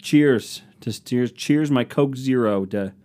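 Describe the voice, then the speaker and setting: A man's voice: mid-range voice, slow pace, dark tone. A young man hosting his own podcast, ranting sarcastically about rude customers and mocking them in put-on voices. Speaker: podcast host. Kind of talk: solo comedic podcast rant.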